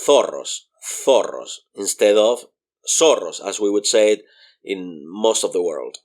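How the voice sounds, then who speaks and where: A man's voice: lowish voice, darkish tone. A man teaching a beginner Spanish lesson, patiently spelling words letter by letter and explaining pronunciation. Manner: spells words slowly letter by letter and repeats them.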